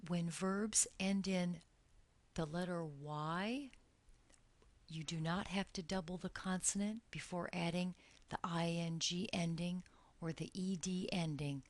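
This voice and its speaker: A woman teaching English grammar in a recorded lesson, speaking slowly and deliberately and drawing out each example word. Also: on the low side, fairly even intonation, dry recording.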